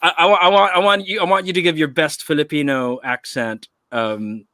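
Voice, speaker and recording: A man's voice: fairly high pitch, steady tone, a little fast, bright, forceful tone, dry recording. A man hosting a casual podcast conversation over a video call, enthusiastic and encouraging. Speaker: podcast host.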